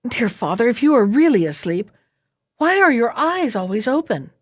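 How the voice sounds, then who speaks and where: A woman voicing a gentle young maiden in a fairy tale who speaks softly and carefully. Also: a little high, very animated, moderate pace, no echo, studio quality. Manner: soft and hushed. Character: gentle young maiden, frightened but clever.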